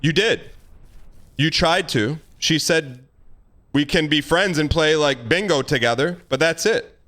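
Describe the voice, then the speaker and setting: A man's voice: on the high side, measured pace, fairly bright tone. A man streaming live and giving blunt, emphatic dating advice in casual chat, repeating himself for emphasis. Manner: emphatic, repetitive, blunt, acts out quoted lines.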